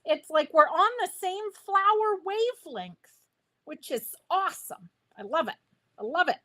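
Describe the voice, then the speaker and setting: Woman, live craft host, bubbly, chatty, high voice, very lively pitch. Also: a little slow. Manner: talks to viewers while working. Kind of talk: live crafting demo chat.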